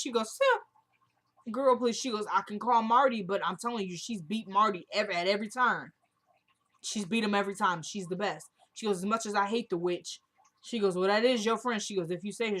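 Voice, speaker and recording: A woman vlogger recaps a TV drama episode in a loose, chatty way, going scene by scene and line by line with "she goes" and informal slang. Her voice is medium-pitched, fairly quick and fairly bright.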